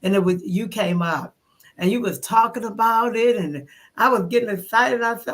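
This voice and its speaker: A woman in her fifties, a guest in an interview, telling her story in an animated way and acting out her own thoughts. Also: mid-range voice, normal speed. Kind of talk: conversational interview.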